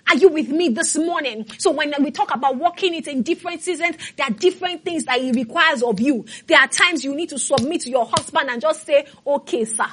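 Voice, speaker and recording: A woman's voice: high-pitched, fairly quick, few pauses, fairly bright tone. A woman pastor preaching a sermon emphatically and calling out to her congregation.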